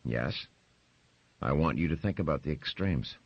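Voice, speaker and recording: A man voicing a stern older patriarch who lays down the law in a firm, measured way, in a dry, slightly muffled recording. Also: extremely low pitch, expressive, gravelly, breathy edge, full character voice.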